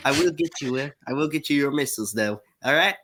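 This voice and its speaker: A man's voice: medium pitch, animated, fast talker, pushed and bright, slight background noise. A man voicing a brash male tech arms dealer with a Southern US accent and a folksy, swaggering manner.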